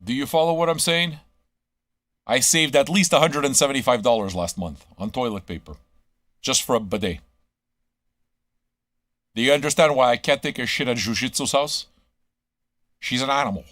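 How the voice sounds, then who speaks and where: A man's voice: medium pitch, fairly bright tone, no echo, clean studio sound. A man hosting a live radio stream, ranting crudely at his listeners with constant swearing and rhetorical questions. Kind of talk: crude rambling monologue to chat.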